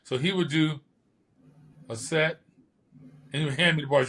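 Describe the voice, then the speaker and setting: With a gravelly, slightly rough voice on the high side, an older podcast host who used to be a bodybuilder chats through his stories at a moderate pace. He leaves long pauses and brings the quotes to life like a lively storyteller.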